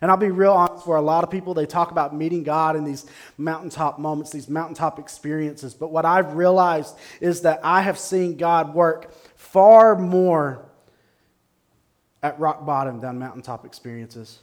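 A man's voice: a little high, fairly even intonation, moderate pace. A male pastor preaching a sermon at a church service, emphatic and repeating his key phrases.

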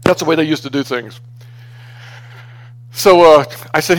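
Here a man with a fairly high, unhurried voice preaches through stories in a chatty manner. He keeps restarting sentences and gets animated whenever he's exasperated.

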